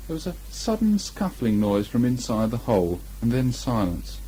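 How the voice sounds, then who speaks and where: A man reading a children's story aloud in lively, expressive narration, on a muffled old tape. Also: mid-range voice, brisk, hardly any pauses, husky.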